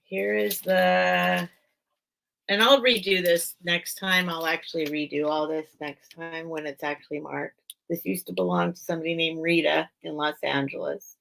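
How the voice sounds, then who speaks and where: A woman hosting a casual live sale stream, reading a children's book aloud and choking up, with halting restarts. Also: fairly low pitch, fairly even intonation, vocal fry, fairly bright tone. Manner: emotional, choking up while reading; slow, halting, with many restarts.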